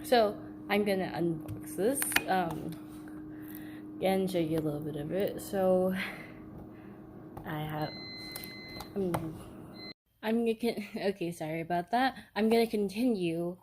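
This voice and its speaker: At home in an upstairs room, a young woman films a casual unboxing vlog on the phone she holds herself. Giddy and giggly, she rambles with plenty of fillers in a fairly low, unhurried voice, leaving long pauses, with noise in the background.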